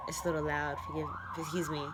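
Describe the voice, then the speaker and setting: A woman's voice: low-pitched, little pitch movement, fast, heavy background noise. A young adult woman talking earnestly in a rambling personal vlog, heartfelt, with many fillers. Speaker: content creator. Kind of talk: reflective personal vlog monologue.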